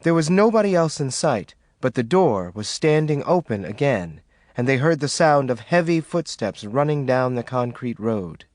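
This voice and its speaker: Male narrator, lively, expressive audiobook read, dry booth sound. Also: medium pitch, no echo. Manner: expressive reading. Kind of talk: scripted narration.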